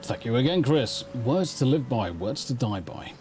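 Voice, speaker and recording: Very animated and a little mellow, this middle-aged Englishman's mid-range voice moves at a moderate pace, with faint music in the background. While he live-streams a game on a studio mic run through a mixing console, he chats aimlessly in his English accent, cursing and making fun of himself.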